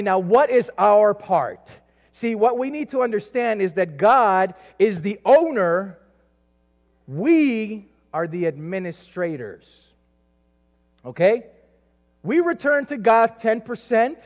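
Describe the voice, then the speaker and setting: A man's voice: sits high, darkish tone. A man from South America preaching a sermon, telling a personal story in a loose, conversational way with many asides. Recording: echoey hall, dull lo-fi sound.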